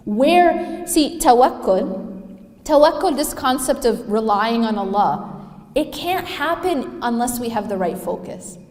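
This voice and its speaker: A woman's voice: a little high, expressive, takes it slowly, darkish tone. Woman lecturing in an echoey hall. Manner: emphatic, asks the audience questions, recites Arabic verses. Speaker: Islamic lecturer. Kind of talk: religious lecture to a live audience. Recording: echoey hall, live talk.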